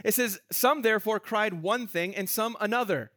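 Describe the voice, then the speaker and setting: A man preaching a sermon from Canada, animated, laughing often and acting out crowd voices with many restarts. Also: high voice, moderate pace, no echo. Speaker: pastor.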